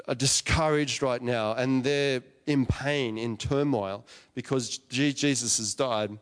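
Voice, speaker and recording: A man's voice: medium pitch, a little slow. A man giving a conversational sermon, retelling a story and asking his listeners questions. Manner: chatty, asks the listeners questions. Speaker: preacher. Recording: long hall reverb.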